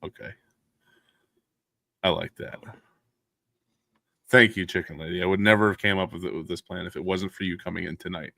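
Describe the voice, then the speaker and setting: Deep-voiced joking podcast host man. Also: moderate pace, vocal fry, long pauses, no room sound, studio quality. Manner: loose, joking, laughs often, swears freely; loud bursts and laughter inside relaxed talk. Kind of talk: casual podcast chat.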